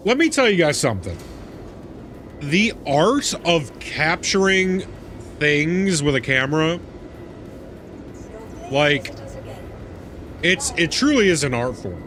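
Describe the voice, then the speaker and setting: A man live streaming a game, chatting casually and reacting excitably, laughing and swearing as he goes. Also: a little high, slow pace, pauses often, faint music behind. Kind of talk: casual chat while gaming.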